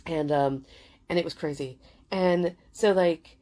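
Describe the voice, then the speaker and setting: A British woman in her forties, a vlogger, tells a story in a chatty, casual manner packed with fillers and swearing. Her voice is fairly low, mellow, and unhurried.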